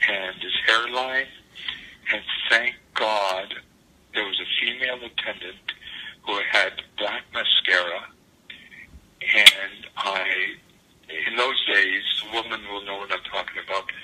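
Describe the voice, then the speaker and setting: A man's voice: fairly low pitch, steady tone, slow pace, bright, forceful tone, a little hiss or hum, low-quality recording. An older man recounting vivid memories as an interview guest, acting out the dialogue he quotes. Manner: vivid storyteller who acts out quoted dialogue.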